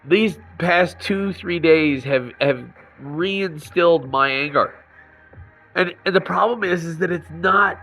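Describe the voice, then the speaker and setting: Man, higher-pitched, bright and tense voice, angry venting, emotional personal rant. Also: slow pace, vocal fry, soft background music. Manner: angry, raw venting with restarts and swearing. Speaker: vlogger.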